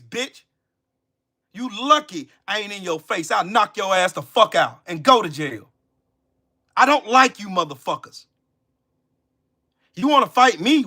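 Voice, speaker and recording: A man hosting his own channel, delivering an angry, profane, confrontational rant and shouting at times. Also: high-pitched. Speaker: channel host.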